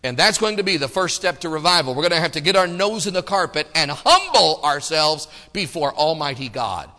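Male preacher, high and bright, emphatic rhythmic delivery, long hall reverb. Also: very animated, a little fast. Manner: emphatic, rhythmic preaching with call-and-response phrasing. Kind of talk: sermon.

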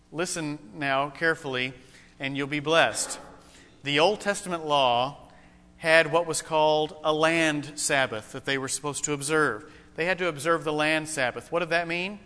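A man preaching a sermon, emphatic and slowing down to stress key points. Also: fairly high pitch, sharp tone, smooth. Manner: emphatic, slows down for weight. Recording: long hall reverb.

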